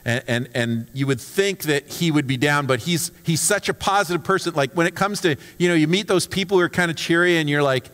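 A man's voice: on the high side, expressive, brisk, hardly any pauses, fairly bright tone. Chatty male preacher in a reverberant hall. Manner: casual and chatty, often restarts words. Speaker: pastor. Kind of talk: conversational sermon.

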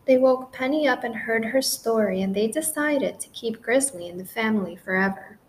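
A woman reads a children's story aloud in a gentle, clear storytelling voice. Her pitch sits a little high, and a faint room ambience hums behind her. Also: moderate pace, slight background noise, poor audio. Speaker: storybook narrator. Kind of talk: scripted children's story narration.

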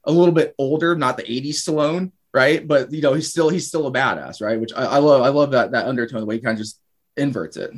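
A man's voice: mid-range voice, fast. A man in casual podcast talk about action movies, rambling and filling his speech with "like". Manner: rambling, heavy use of "like".

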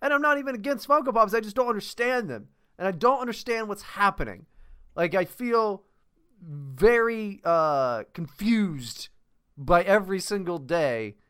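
Brief: male podcast co-host, rambling and profane, giggly, lively pitch. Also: moderate pace, smooth. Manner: rambling, profane, laughs often. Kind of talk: casual podcast chat.

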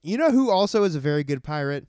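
A man's voice: fairly high pitch, quick pace, clear, resonant tone, no room sound, studio quality. A man chatting casually about movies with a friend, joking and laughing often. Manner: animated, laughs often, jokey.

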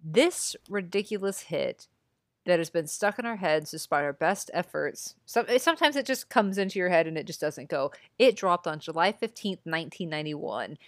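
A young woman hosting a podcast, chatty and self-mocking with quick asides. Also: lowish voice, lively intonation, dry recording, clean studio sound. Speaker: podcast host. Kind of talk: casual chat.

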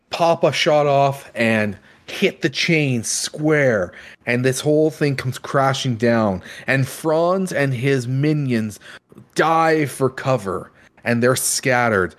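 Casting: male game master, playful scene narration, mid pitch. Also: slow. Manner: playful, describing action scenes.

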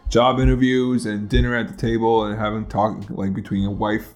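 A man co-hosting a comedy podcast, chatting in a relaxed, teasing way with lots of "like" and trailing phrases. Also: on the low side, moderate pace. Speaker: podcast co-host. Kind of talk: casual comedy chat.

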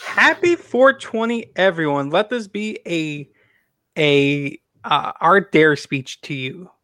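A man's voice: a little high, lively intonation, takes it slowly, bright, forceful tone, dry recording, clean studio sound. A man hosting a casual podcast chat, rambling with many restarts and fillers. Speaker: podcast host.

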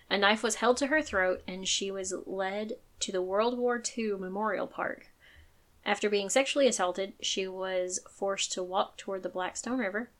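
A woman's voice: mid-range voice, fairly bright tone. Sweary, emphatic true crime podcast woman. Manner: casual storyteller who swears often, gets emphatic when angry; says she uses a firm announcer voice when angry. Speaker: podcast host.

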